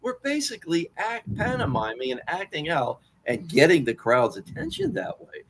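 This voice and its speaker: A man in his sixties telling wrestling stories as an interview guest, animated and profane, jumping to much higher pitch when riled. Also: moderate pace, slight background noise, rough recording. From Washington D.C. area. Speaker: interview guest, wrestling author and former manager. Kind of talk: casual storytelling interview.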